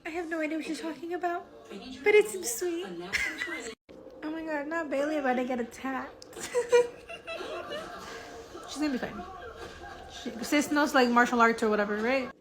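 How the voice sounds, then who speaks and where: A woman's voice: sits high, normal speed, long pauses, crowd noise. A woman hosting a casual reaction video, chatty and emotional, swearing and laughing as she comments.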